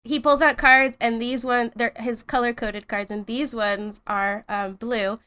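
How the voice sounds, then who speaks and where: A woman's voice: on the high side, unhurried, clear, resonant tone. Bubbly young woman playing a tabletop game. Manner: giggly, bubbly, animated when voicing her kobold. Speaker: player. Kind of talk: tabletop role-play narration and character voicing.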